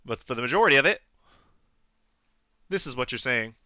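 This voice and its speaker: A man narrating as game master in a relaxed, chatty way with filler words. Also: mid-range voice, brisk, dry recording, muffled recording.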